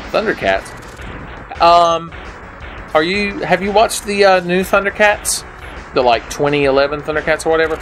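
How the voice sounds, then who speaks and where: A young man slurring a little while drinking, giving rambling, profane commentary on a game as he plays it, swinging between low mutters and sudden yells. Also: normal speed, pauses often, a little hiss or hum. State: slightly drunk, slurring. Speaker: gaming video maker. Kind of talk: drunken let's play commentary. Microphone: headset.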